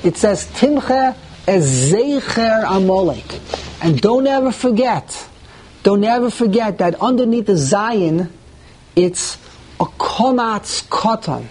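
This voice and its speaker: A man teaching a Talmud class to students in a room, animated and repeating words as he thinks aloud, often asking the class questions and answering them himself. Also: high-pitched, slow pace, slight background noise. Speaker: Torah teacher.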